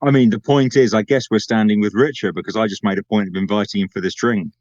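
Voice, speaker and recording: A man's voice: lowish voice, steady tone, quick pace, darkish tone, no echo, highs cut off. A man talking as a player in a tabletop game, hesitant and repeating words.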